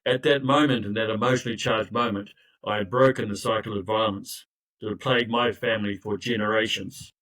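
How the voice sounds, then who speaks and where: A recovery coach, an older man, tells his story briskly in a fairly low, steady, slightly bright voice. The audio is rough, and he speaks earnestly and emphatically with many restarts and asides.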